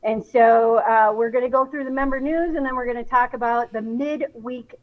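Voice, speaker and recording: A woman's voice: on the high side, fairly even intonation, normal speed. A woman co-hosting a casual fan live stream, blunt and swearing casually. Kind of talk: casual chat. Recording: dull lo-fi audio.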